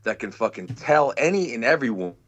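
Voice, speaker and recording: A man's voice: mid-range voice, very animated, a little fast, fairly bright tone. Furious, swearing man on a lo-fi line. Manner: furious, threatening, swearing constantly. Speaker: guest on a live stream. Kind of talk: angry profane rant.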